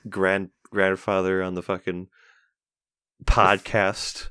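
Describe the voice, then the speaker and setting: A man's voice: low voice, moderate pace, a bit bright, no echo, clean studio sound. A man hosting a casual podcast chat, swearing and joking as he talks. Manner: profane, joking, laughs often. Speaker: podcast host.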